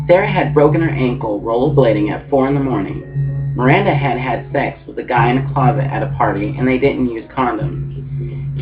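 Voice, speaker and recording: Casual male book reader; medium pitch, dull sound with guitar under. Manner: casual reading with small restarts and asides. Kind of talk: audiobook reading. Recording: muffled with guitar music.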